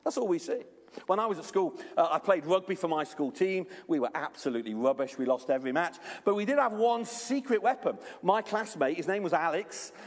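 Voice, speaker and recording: Brief: preacher, animated storyteller who questions his congregation, expressive voice, reverberant church hall. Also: high-pitched, brisk. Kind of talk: sermon.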